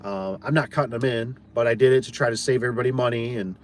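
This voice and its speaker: A man's voice: mid-range voice, quick pace. A man who runs a garage door business, telling a job story in a rambling, blunt, folksy way and often repeating his words. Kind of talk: casual storytelling chat.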